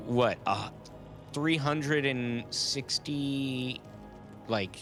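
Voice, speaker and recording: A man co-hosting a live stream in casual chat, a little congested and raspy from a cold, easygoing and joking. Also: mid-range voice, extremely slow, fairly bright tone, soft background music. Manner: easygoing, playful, tells dad jokes. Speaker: co-host of a live-streamed tavern show.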